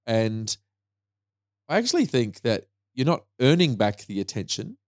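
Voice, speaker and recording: A man's voice: mid-range voice, very animated, unhurried, no room sound, studio quality. A man co-hosting a podcast who explains public-speaking tips one numbered point at a time. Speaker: podcast co-host. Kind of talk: casual advice chat.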